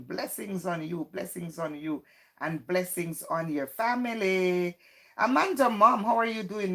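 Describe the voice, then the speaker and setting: A woman's voice: lowish voice, fairly bright tone. A woman hosting a casual live stream, chatty and teasing, greeting viewers by name and reading out their comments.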